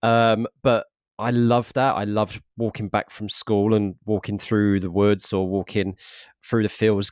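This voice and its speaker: A man hosts a relaxed podcast chat in an Essex accent, his voice sitting a little low. He talks in loose, looping sentences, restarting often and laughing easily. The sound is dry, with no room in it. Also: no echo. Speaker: podcast host. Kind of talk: casual interview chat.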